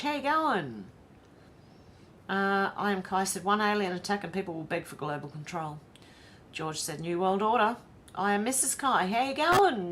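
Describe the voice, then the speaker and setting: A mid-range, slightly bright female voice with a bit of background noise. She's an Australian woman running a relaxed livestream, reading viewer comments out loud and greeting each person by name.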